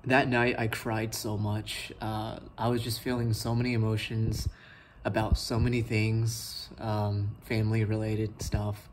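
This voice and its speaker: A young adult man vlogging a personal story, talking in a halting way full of likes and ums. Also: on the low side, monotone, a little hiss or hum.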